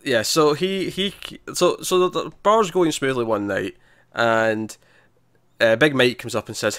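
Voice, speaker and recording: Animated man recapping a show. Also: mid-range voice, normal speed, no echo, studio quality. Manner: animated retelling, laughs often, many restarts. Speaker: podcast co-host. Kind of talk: casual TV recap chat.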